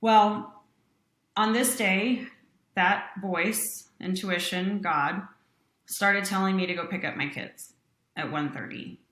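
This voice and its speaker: A woman's voice: medium pitch, slow pace, roomy sound. A woman, a company president, earnestly telling a personal story in an interview, voicing the people in it as she goes. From Utah. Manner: earnest, animated storytelling with quoted voices.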